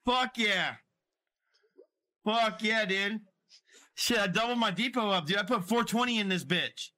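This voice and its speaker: A man streaming live, swearing a lot and yelling, with big swings between shouting and low grumbling. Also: moderate pace. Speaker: livestreamer.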